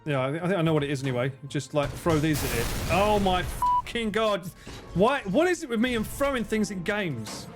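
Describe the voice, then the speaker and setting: Excitable man, lively swearing streamer. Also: sits high, brisk, over music. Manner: excitable, swears a lot, laughs often. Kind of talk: casual gameplay commentary.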